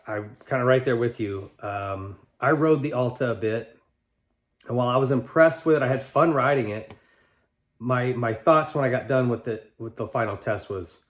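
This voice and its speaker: A man hosting a talk show, answering listener letters in a loose, rambling conversational way with lots of restarts. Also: mid-range voice. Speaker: podcast host and bike tester. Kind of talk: casual chat answering listener mail.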